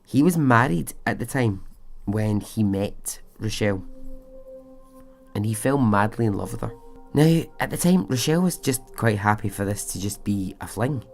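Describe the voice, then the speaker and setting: A man's voice: on the low side, animated, moderate pace, vocal fry, soft background music. A man hosting a podcast, narrating a true story casually with chatty asides and frequent fillers. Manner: chatty, conversational asides, frequent "you know".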